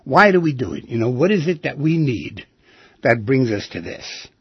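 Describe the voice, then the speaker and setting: A male radio host talks in a reflective monologue, asking his listeners rhetorical questions. His voice is gravelly and husky and sits a little high for a man. The sound is dry and dull, like an old lo-fi broadcast. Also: sing-song, moderate pace, no room sound. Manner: thoughtful, asks rhetorical questions.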